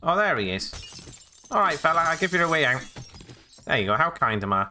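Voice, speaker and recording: Male let's-player; joking, exclamatory, lively pitch swings, bright tone. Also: fairly quick, a little hiss or hum. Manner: jokey, rambling, exclamatory asides. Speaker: gaming let's-play host. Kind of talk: casual gameplay commentary.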